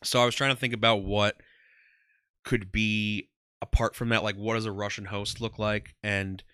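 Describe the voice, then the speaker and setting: A man's voice: on the low side, level tone, moderate pace, pushed and bright, smooth, no room sound, clean studio sound. A man in his thirties, a comedian, talking casually in an interview, rambling with lots of "um" and "like". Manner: rambling, heavy on "um" and "like". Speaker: guest, comedian and former ring announcer.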